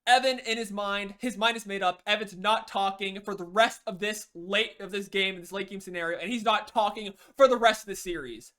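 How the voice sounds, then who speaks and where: A game coach walks through team play in a loose, unscripted, casual spoken lesson. His medium-pitched voice is pushed and bright, a little fast, with hardly any pauses. He often restarts sentences and fills gaps with "you know."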